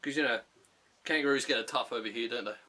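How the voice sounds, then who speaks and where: A man's voice: medium pitch, quick pace, background noise. An Australian man giving a comedic film review, profane, jokey and sarcastic. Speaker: movie reviewer.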